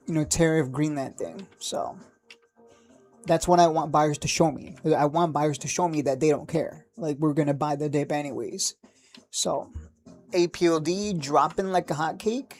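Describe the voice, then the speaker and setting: A man hosting a stock trading livestream, talking casually and excitably, rambling, cursing now and then, and laughing at his own jokes. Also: on the high side, moderate pace, soft background music. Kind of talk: live market commentary.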